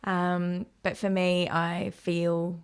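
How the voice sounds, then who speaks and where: A woman's voice: fairly low pitch, flat delivery, extremely slow, clean tone. An Australian woman in her thirties, a podcast guest talking candidly and laughing often. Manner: candid, laughs often, acts out quoted voices. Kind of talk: casual podcast interview.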